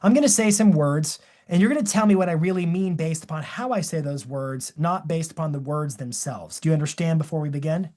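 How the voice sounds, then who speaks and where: Energetic man presenting a webinar. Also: fairly high pitch, brisk, few pauses. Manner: energetic, enthusiastic, demonstrative. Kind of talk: live webinar demonstration.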